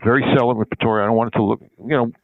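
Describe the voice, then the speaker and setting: A man's voice: medium pitch, fairly even intonation, very fast, dry recording. An older man, a guest on a sports public relations interview, tells a long anecdote in a rambling, conversational way and acts out the people in his story. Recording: tinny phone-line audio, dry.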